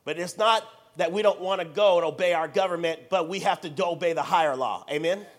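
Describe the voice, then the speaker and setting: A high-pitched American man delivering a sermon as a lively story. He acts out every exchange with theatrical energy and swings between loud bursts and hushed asides. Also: fairly quick. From United States. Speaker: preacher.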